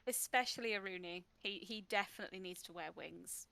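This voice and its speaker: A woman's voice: mid-range voice, a little fast, gravelly, bright, forceful tone, no echo. A woman playing a tabletop game, chatting eagerly in character and out. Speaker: player. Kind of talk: casual tabletop game chat.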